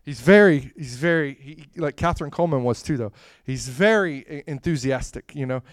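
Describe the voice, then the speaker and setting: A man telling a rambling personal story in a casual way, acting out scenes with sudden loud bursts. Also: on the high side, moderate pace, dry recording, clean studio sound. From Florida, USA. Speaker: speaker sharing a testimony.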